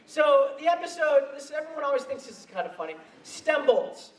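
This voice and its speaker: A man on stage at a convention laughs through self-mocking anecdotes, speaking into a handheld mic. His very high-pitched voice swings widely in pitch at a brisk pace, picked up by a distant mic in an echoey hall.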